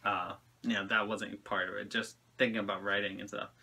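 A man's voice: lowish voice, level tone, fairly quick, gravelly, sharp tone, husky. A man hosting a reaction video, giving rambling, friendly feedback with frequent laughs. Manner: rambling and friendly, often laughing between thoughts. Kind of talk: casual reaction commentary.

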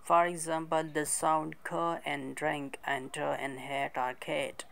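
Slow, low-voiced woman lecturing with a gravelly edge. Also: fairly bright tone, low-quality recording. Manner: methodical, marks each new point with "okay"; reads out examples word by word. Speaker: teacher. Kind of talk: recorded lecture.

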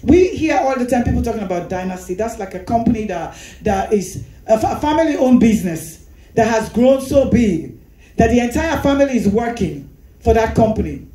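A woman teaching Sunday school, her voice on the high side and mellow. She goes over scripture, repeats phrases and puts questions to the class. The sound rings in a roomy space. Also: lively intonation, normal speed. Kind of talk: Bible teaching.

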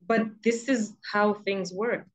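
A woman's voice: medium pitch, steady tone, slow, low-quality recording. Insistent woman with a British-sounding accent. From Malawi. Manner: emphatic and insistent, repeats for stress. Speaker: freelancing coach. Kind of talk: motivational advice talk.

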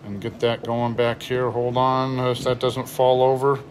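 A man of ordinary pitch, a pastor, giving a relaxed show-and-tell of a study Bible and reading its notes aloud. Faint background noise sits under his voice. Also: a little slow. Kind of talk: Bible unboxing review.

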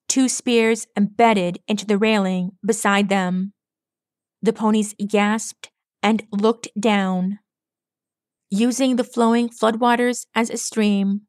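A woman reading an audiobook chapter aloud in a steady, measured storytelling manner. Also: medium pitch, dry recording, clean studio sound. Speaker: audiobook reader. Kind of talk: scripted narration of fan fiction.

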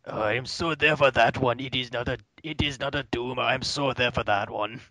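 A man co-hosting a casual movie podcast, talking in an animated, joking way. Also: medium pitch, fairly quick, no room sound, rough recording. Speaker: podcast co-host.

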